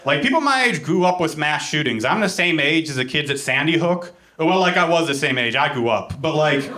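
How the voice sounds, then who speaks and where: A young man delivers stand-up with a dry, self-deprecating calm, his voice sitting a little high. The live club recording has a clear layer of noise behind him. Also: brisk. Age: young adult. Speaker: stand-up comedian. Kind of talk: stand-up set. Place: comedy club stage before a laughing audience.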